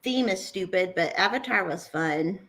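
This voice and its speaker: A woman's voice: lowish voice, expressive, moderate pace, a bit bright, a little hiss or hum. A chatty woman in a casual group stream who jumps in with blunt questions.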